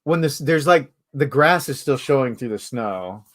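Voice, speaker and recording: A man hosting a casual live-stream chat, talkative and quick to laugh. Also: medium pitch, expressive. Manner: chatty, laughs easily. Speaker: live show host.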